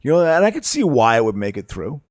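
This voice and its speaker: A man's voice: mid-range voice, sing-song, quick pace, no echo, clean studio sound. A man from the Chicago area hosting a podcast, rambling and laughing often as he chats. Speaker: podcast host. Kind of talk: casual chat.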